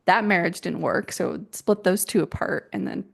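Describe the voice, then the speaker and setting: A woman's voice: fairly low pitch, normal speed, vocal fry, husky. A woman co-hosting a writing podcast, chatting casually and self-mocking as she recounts conference advice. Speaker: podcast co-host. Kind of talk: casual chat.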